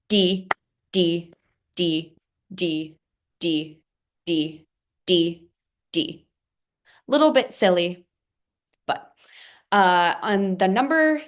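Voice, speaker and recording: Slow, patient woman teaching music. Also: medium pitch. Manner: slow, patient explaining with counted-out rhythm examples. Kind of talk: recorded music lesson.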